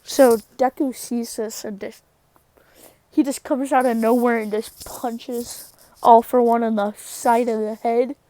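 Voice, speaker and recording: A woman's voice: a little high, steady tone, unhurried, mellow. A woman casually retelling a fan story in a rambling way, often correcting herself.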